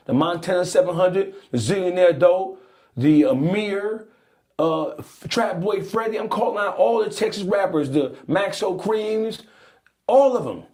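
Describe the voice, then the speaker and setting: A man's voice: sits high, a little mellow. A man in a played clip giving heated, profane commentary, calling people out by name. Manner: fiery, profane, calls people out.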